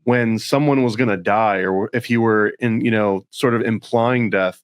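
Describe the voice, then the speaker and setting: A man co-hosting a podcast in casual chat, making dry, deadpan jokes. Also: lowish voice, normal speed, clean tone, dry recording. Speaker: podcast co-host.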